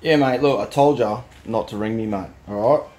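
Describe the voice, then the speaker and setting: A man's voice: lowish voice, moderate pace, a little mellow. A man with an Australian accent ranting bluntly and dismissively, insisting something is not his fault. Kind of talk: mock-defensive rant.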